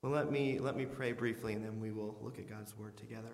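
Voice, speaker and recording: A man's voice: lowish voice, fairly even intonation, fast, hardly any pauses, a little mellow, long reverb tail. A man in his thirties preaching a sermon in a church, conversational and hesitant, with many fillers. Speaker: pastor. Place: church sanctuary.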